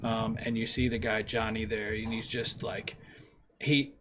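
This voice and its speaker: A man's voice: on the low side, little pitch movement, unhurried, noisy background. A man narrating as game master for a tabletop role-playing game, rambling with many fillers.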